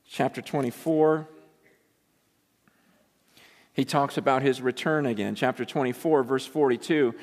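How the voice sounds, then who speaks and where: A man preaching a sermon, emphatic, dropping from loud bursts to hushed, intense asides. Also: medium pitch, steady tone, a little slow, long pauses, in a large hall.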